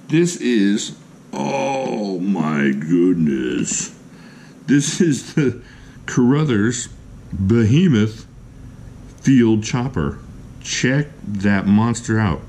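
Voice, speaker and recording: A man reviewing knives at a table in a casual vlog, gushing excitedly and joking about himself. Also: mid-range voice, slight background noise. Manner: excitable, gushing, self-deprecating jokes. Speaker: knife reviewer. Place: indoors at a table.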